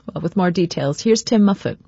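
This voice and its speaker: A woman anchoring a news bulletin, reading scripted stories in a measured, formal way. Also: fairly low pitch, expressive, creaky, mellow, breathy edge, dry recording, lo-fi sound.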